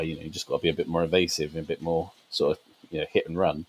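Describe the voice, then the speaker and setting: A man's voice: low voice, fairly even intonation, quick pace, slightly rough, rough recording. A man co-hosting a gaming podcast, explaining at length with fillers and frequent laughs. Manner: laughs often, meandering explanations with many fillers. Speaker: podcast co-host. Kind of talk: casual podcast chat.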